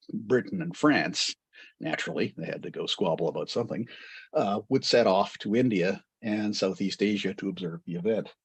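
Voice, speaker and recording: A man's voice: on the low side, slightly rough, no room sound. A man giving an astronomy history lecture to a club, digressive and full of wry asides.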